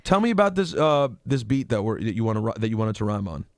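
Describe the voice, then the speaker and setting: A man's voice: lowish voice, big pitch swings, quick pace, dry recording. A man hosting a late-night radio interview, talkative and joking. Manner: talkative, joking, self-deprecating. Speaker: radio show host. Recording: radio studio with music behind.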